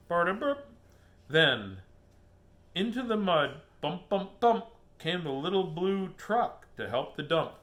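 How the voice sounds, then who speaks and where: A man's voice: medium pitch, lively intonation, normal speed, fairly bright tone. Playful man reading picture books. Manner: playful, jokey, laughs at his own puns. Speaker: host reading children's books aloud. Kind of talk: casual storytime reading.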